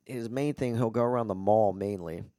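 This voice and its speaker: A man's voice: on the low side, normal speed, dark tone, dry recording. A young man, chatting casually as a podcast co-host and telling blunt, profane anecdotes. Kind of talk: casual chat.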